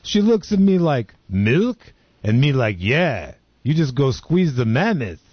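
A man's voice: mid-range voice, big pitch swings, measured pace, no echo. A man playing a dim-witted male caveman comedian who tells jokes in broken caveman grammar. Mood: deadpan jokey. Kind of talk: comedy sketch stand-up bit. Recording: dull lo-fi recording.

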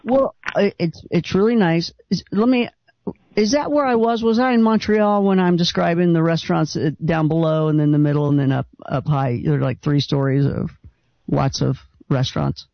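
A man's voice: fairly high pitch, fairly even intonation, normal speed, gravelly, no room sound, dull audio. A man hosting a radio call-in show, chatting enthusiastically with a caller. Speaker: radio host.

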